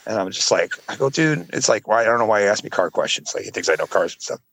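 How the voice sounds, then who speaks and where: A man co-hosting a podcast, telling stories in casual chat and acting out what others said. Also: racing. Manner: animated storyteller, acts out others in high voices. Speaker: podcast co-host.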